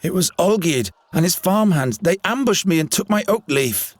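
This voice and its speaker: An actor playing an earnest, defensive young outcast in a video game. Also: male voice, high voice, lively intonation, normal speed, no room sound. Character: earnest young male outcast, stubborn dreamer.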